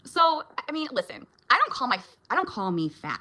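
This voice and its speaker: Woman vlogger, bright and forceful voice, fairly high, chatty and easy with her viewers. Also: very animated, a little fast, hardly any pauses. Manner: chatty, laughs often, reacts to viewer comments. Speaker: vlogger and mom. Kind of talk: casual chat with viewers.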